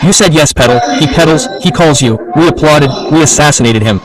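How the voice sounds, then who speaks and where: A man's voice: on the high side, brisk, over music, rough recording. A man giving an impassioned public political speech, insistent and full of rhetorical questions. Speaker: political speaker. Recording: speech over crowd noise.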